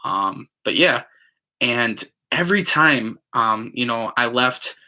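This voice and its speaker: A man's voice: medium pitch, expressive, takes it slowly, pushed and bright. A man telling a personal story in casual, rambling talk, full of fillers, now and then acting out what others said. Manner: rambling, many fillers, acts out quotes. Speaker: vlogger.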